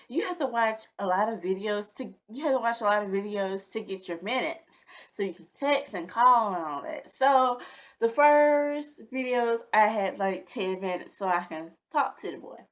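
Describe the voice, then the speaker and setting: A woman's voice: fairly high pitch, expressive, unhurried. A woman vlogger telling a casual storytime in a dramatic, chatty way.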